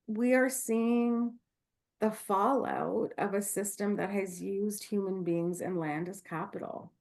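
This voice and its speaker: A woman's voice: medium pitch, gravelly, darkish tone. Woman midwife, candid, passionate, filler-heavy, video-call talk. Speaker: guest speaker, midwife. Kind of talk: online talk Q&A, casual.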